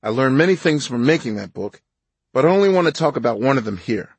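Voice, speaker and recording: A man narrating his own nonfiction audiobook in a measured, reflective way. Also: mid-range voice, animated, slightly rough, no echo.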